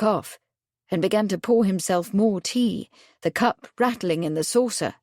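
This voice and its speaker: A woman narrates a period mystery audiobook, steady and measured. Her pitch is middling for a woman. The booth sound is dry and close, with no room echo. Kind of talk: scripted narration.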